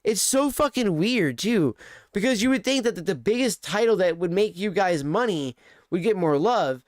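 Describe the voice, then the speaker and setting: A man's voice: sits high, expressive, normal speed, no echo, studio quality. A man streaming live, ranting in casual, profane, rambling chat.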